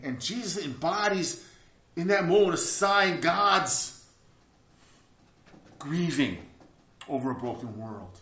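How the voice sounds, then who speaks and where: Earnest preacher man in a roomy room. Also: medium pitch. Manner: earnest, swings from loud emphatic bursts to quiet reflective stretches. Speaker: pastor. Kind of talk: sermon. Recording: roomy, dull lo-fi recording.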